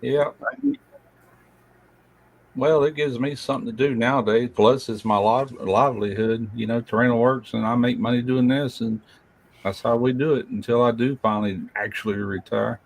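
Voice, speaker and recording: An older man hosting a relaxed evening chat, slipping easily into folksy stories. His delivery is blunt and plain-spoken. The sound is dry and close, with no room around it. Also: mid-range voice, normal speed, dry recording. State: feeling unwell. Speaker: host. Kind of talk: casual live chat.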